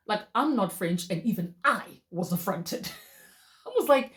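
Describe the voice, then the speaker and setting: A woman's voice: fairly low pitch, sing-song, a little slow. A woman giving a casual, chatty movie review, talking straight to her viewers and laughing often.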